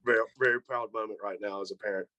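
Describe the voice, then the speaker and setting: A man's voice: on the low side, steady tone, quick pace, bright, forceful tone, dry recording, dull audio. A man co-hosting a casual chat about game picks, laid-back and joking. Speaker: co-host.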